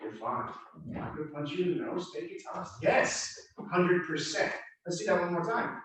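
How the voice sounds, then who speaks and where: A man teaching a self-defense drill, giving calm, reassuring, repeated cues to a student. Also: on the high side, normal speed. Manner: reassuring, repetitive coaching cues. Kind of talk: coaching a drill. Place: martial arts gym. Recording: very echoey room, from far off.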